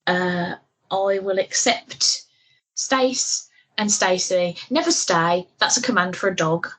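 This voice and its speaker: A woman's voice: fairly low pitch, lively intonation, slow, fairly bright tone, poor audio. A woman co-hosting a podcast in casual, giggly, rambling chat. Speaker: podcast co-host.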